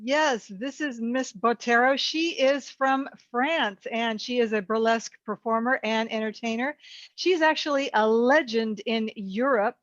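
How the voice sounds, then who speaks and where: A woman's voice: on the high side, unhurried, no room sound, highs cut off. A woman co-hosting an interview show, introducing a guest formally. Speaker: co-host.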